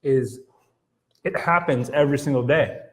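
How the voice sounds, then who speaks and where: A man's voice: medium pitch, normal speed, a bit bright, a little hiss or hum. A man with a mid-range voice co-hosts a casual podcast. He talks conversationally and illustrates his points with everyday examples. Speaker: podcast co-host. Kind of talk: casual chat.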